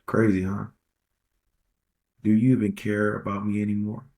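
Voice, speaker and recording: A man's voice: lowish voice, monotone, moderate pace, gravelly, darkish tone. A man hosting a podcast, giving casual relationship advice in a rambling, slangy way and repeating phrases for emphasis. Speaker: podcast host.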